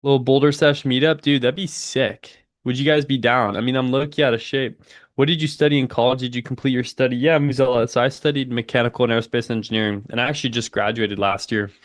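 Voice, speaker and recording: A man in his twenties hosts a day-trading livestream, chatting casually with viewers and calling the market in a slangy, laid-back style, saying "dude" a lot. His medium-pitched voice is steady and quick-paced, captured in clean studio sound with no echo.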